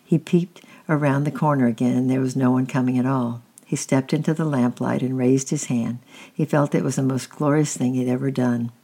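A reader gently reading a children's chapter book aloud, with small slips and restarts. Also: mid-range voice, fairly even intonation, moderate pace. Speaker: storybook reader.

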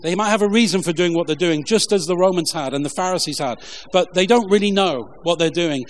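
A man preaching a relaxed, conversational sermon with jokey asides and lots of fillers, reading scripture along the way. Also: high-pitched, a little hiss or hum. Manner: informal, halting, many fillers, jokey asides. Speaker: pastor.

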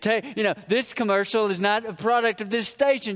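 Man, pastor, storytelling sermon, high clear voice, long church reverb. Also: fairly even intonation, brisk, few pauses, fairly bright tone. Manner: storytelling preacher, drops low for punchlines.

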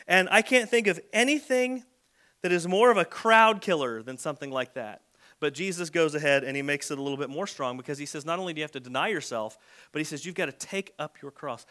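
A man preaching a sermon in a relaxed, conversational way, now and then acting out the people he quotes. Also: a little high, quick pace. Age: adult with a son. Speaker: pastor.

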